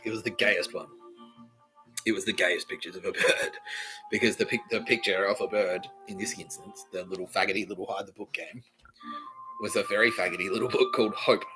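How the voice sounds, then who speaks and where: A man rants through a crude comedy story, swearing freely and breaking into laughter at his own lines. His voice sits low but has a bright, forceful edge, with faint music underneath. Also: rough recording. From Australia. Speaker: podcast host.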